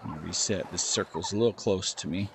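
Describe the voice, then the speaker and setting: A man's voice: sits low, a little fast, creaky, background noise. Chatty man commenting on VR golf. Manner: chatty, self-deprecating, talks to the ball. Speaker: gaming channel host. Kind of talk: casual gameplay commentary.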